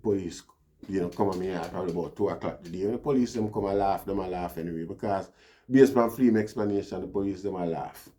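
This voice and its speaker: This man, a vlogger, has a low, warm voice and talks fast. Speaking with a Jamaican accent, he rambles casually through a personal story, often dropping in "you know, see."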